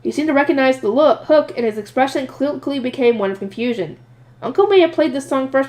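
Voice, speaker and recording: A woman reading a light novel aloud in first person, lively and expressive, voicing the narrator's asides. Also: high voice, brisk. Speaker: audiobook reader.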